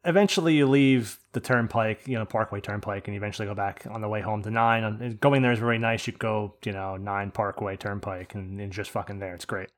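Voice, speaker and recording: A man from the United States telling an animated, profane rant on a casual podcast. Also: fairly low pitch, fairly quick, few pauses. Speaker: podcast host. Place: podcast studio.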